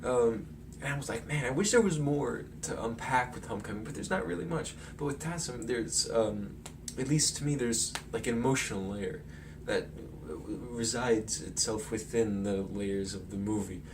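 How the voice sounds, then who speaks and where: A man's voice: medium pitch, moderate pace. A man chatting casually through a movie analysis, rambling with lots of fillers and chuckles. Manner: rambling, filler-heavy, chuckles while talking. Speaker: film commentary vlogger. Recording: distant mic with faint noise.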